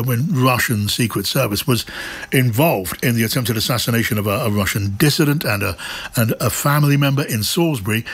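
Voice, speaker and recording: A male radio news presenter interviewing a correspondent live, asking measured, probing questions and sometimes restarting mid-sentence. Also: mid-range voice, husky.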